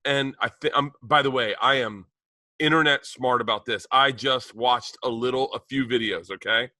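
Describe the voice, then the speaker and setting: A man in his forties, a podcast co-host excitedly rambling through a story in casual chat. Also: medium pitch, normal speed, no echo. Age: 40s.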